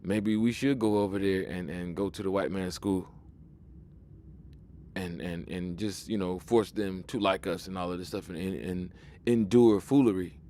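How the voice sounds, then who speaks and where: A man's voice: deep voice, fairly even intonation, normal speed, warm tone, slight background noise. A man giving a casual spoken commentary monologue, emphatic and preachy, often restarting and repeating words as he pushes his point. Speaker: video commentator.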